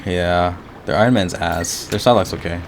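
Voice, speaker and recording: A young man streaming a team shooter in casual gaming chat, excitable, swearing and repeating himself. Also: low voice, normal speed, noisy background.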